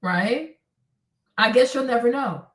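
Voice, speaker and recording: A woman's voice: a little high, slow pace, far from the mic. Brash, profane woman streamer in an echoey room. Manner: brash, profane, emphatic and mocking. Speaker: livestream host. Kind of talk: blunt advice livestream.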